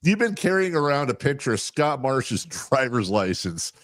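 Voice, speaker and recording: Joking man with a lively voice. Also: mid-range voice, moderate pace, no echo, clean studio sound. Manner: joking, tells corny dad jokes. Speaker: sports radio co-host. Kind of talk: casual radio banter.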